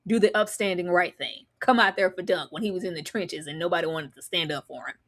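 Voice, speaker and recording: A woman co-hosting a casual livestream show review, expressive and slangy, exclaiming as she reacts. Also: lowish voice, fast. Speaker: co-host.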